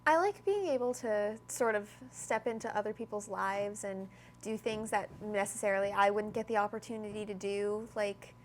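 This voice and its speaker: A young woman answers interview questions about her stage work in a bubbly, casual manner, with her voice at an ordinary middle pitch. She sprinkles in "like" often, and a faint hum sits behind her. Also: normal speed. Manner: bubbly, lots of "like", laughs while talking. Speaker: actor, interview guest.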